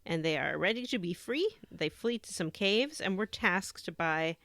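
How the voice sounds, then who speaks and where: A woman's voice: lowish voice, unhurried, no room sound. A woman co-hosting a casual gaming podcast, recapping the story and acting out the characters as she goes. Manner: animated storyteller who acts out characters. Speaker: podcast co-host.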